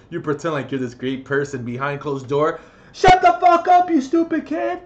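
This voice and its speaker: A man delivering a heated, profane vlog rant straight to the camera, with loud outbursts. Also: mid-range voice, a little hiss or hum. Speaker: vlogger. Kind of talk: ranting vlog monologue.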